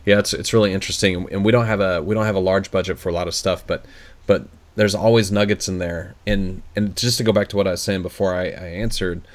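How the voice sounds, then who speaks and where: A man's voice: sits low, fairly even intonation, fast. A man co-hosting an education podcast, talking in an upbeat casual way with frequent restarts. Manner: enthusiastic, restarts often. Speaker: podcast co-host. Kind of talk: casual chat.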